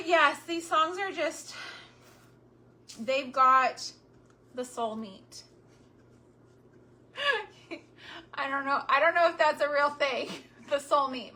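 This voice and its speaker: A woman vlogger talks to her viewers while she works on a craft, chatty and tender, with a bright, fairly high voice. She speaks slowly and unhurriedly, and keeps turning to the audience with little asides. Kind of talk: casual chat while crafting.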